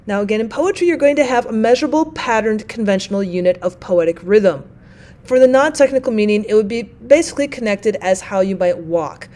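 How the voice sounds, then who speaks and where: A woman's voice: medium pitch, lively intonation, a little mellow. A woman teaching a lesson in a methodical, explanatory way. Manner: methodical, reads examples slowly. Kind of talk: explanatory lecture.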